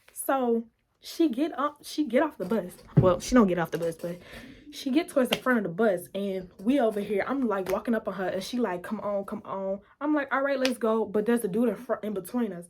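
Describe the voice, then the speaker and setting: A young woman vlogger tells a story casually and with lots of animation, laughing often and acting out the quotes. Her pitch is medium and her pace brisk.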